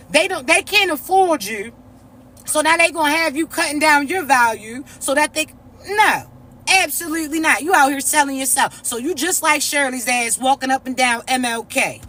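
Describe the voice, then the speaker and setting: A woman's voice: high voice, sharp tone. A woman, giving a blunt, profane spiritual pep talk full of slang to her viewers. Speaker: spiritual reader.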